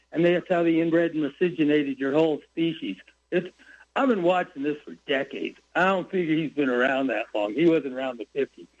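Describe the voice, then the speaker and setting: Older male caller, high voice, rambling heated rant, muffled phone audio. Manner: rambling, heated, jumps between topics. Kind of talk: call-in radio rant. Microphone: phone line. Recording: dull lo-fi phone call.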